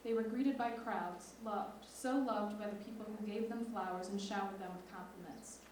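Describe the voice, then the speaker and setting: Teen girl reading an essay, mellow voice. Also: medium pitch, slight background noise. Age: teens. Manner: measured, expressive reading. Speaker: student writer. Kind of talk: reading a lyric essay aloud. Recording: echoey hall from far off.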